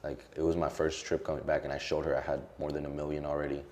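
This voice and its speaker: Very deep-voiced young man, candid. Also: flat delivery, fast talker, darkish tone. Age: young adult. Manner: emotional, casual, heavy on fillers. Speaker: social media creator as guest. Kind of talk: candid interview conversation.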